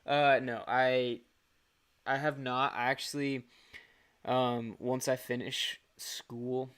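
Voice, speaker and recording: A man's voice: mid-range voice, flat delivery, slow pace, fairly bright tone, clear, resonant tone. A young man hosting his own channel, chatting casually and rambling on a livestream. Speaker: channel host.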